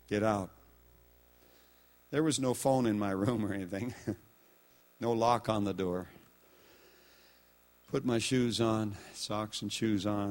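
An older man preaching, telling a story with animated acted-out dialogue and laughter. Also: on the low side. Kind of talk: sermon storytelling.

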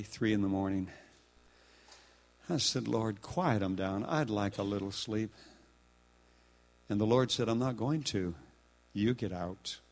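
An older man preaching, telling a story with animated acted-out dialogue and laughter. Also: fairly low pitch. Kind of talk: sermon storytelling.

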